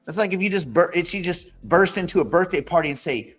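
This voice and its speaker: Blunt, profane man with a higher voice. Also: fast talker, slightly rough, faint music behind. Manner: blunt and profane, rambling with fillers. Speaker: host of an investing Q&A show. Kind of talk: casual livestream Q&A.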